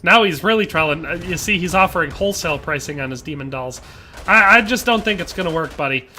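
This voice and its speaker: Streaming a game, this Wisconsin, USA man chats loosely, jokes around, and reads viewers' messages out loud. His voice is a little high, animated, and sharp, and he talks fast, with slight background noise.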